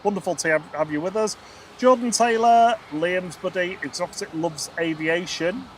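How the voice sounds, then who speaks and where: A man's voice: sits high, moderate pace, a little hiss or hum. A man hosting a live plane spotting stream outdoors at an airport, cheerfully greeting chat viewers by name. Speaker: livestream host.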